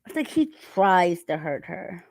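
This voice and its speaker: A woman's voice: on the low side, big pitch swings, measured pace, creaky, no echo. A woman hosting a casual chat, talking while eating and laughing often. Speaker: channel host.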